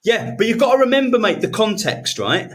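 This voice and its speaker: A man co-hosting a podcast, chatting casually, swearing a lot and rambling, sometimes slipping into quick mock voices. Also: high-pitched, big pitch swings, a bit bright. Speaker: podcast co-host. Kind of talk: casual banter.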